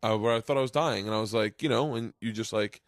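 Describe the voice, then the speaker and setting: A man in his forties hosting a podcast, telling rambling, excitable stories with plenty of swearing. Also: fairly low pitch, fast talker, dry recording, clean studio sound. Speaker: podcast host. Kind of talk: casual podcast chat, storytelling.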